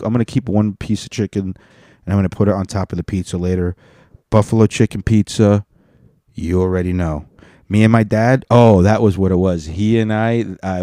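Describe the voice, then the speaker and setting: A man's voice: lowish voice, mellow, no echo, clean studio sound. A man hosting a podcast, rambling profanely through a comedic rant and slipping into joke accents. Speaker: podcast host.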